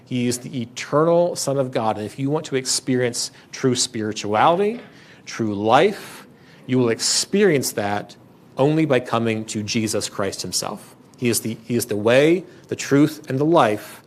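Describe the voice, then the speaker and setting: Pastor guy preaching in church, earnest and emphatic, keeps restarting his sentences, normal mid-pitch voice. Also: animated, normal speed. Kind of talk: sermon.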